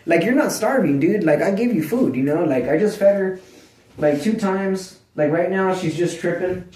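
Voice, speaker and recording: A man talks to the camera at home in loose, rambling chat, his voice sitting a little high. He swears freely, leans on filler words and keeps clearing his throat. The sound bounces around an echoey room. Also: expressive, normal speed, a little mellow. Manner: rambling, profane, full of "like" fillers. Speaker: vlogger.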